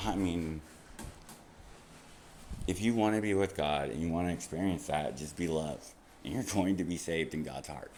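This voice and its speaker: Very deep-voiced man rambling casually. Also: darkish tone, a little hiss or hum. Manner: rambling, laughs often, swears casually. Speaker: vlogger.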